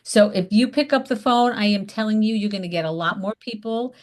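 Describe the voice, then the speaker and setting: A woman's voice: medium pitch, brisk. A woman leading an online class, chatty and emphatic, acting out upbeat phone invitations. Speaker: direct sales mentor. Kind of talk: zoom class teaching. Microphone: video call.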